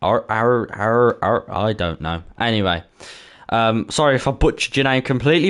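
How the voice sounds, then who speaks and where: A man's voice: mid-range voice, moderate pace, fairly bright tone, clear, resonant tone. A man with a Birmingham accent giving chatty live commentary on an online racing league, laughing easily and tripping over names. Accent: Birmingham (Brummie). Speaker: esports race commentator. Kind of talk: live-streamed race commentary.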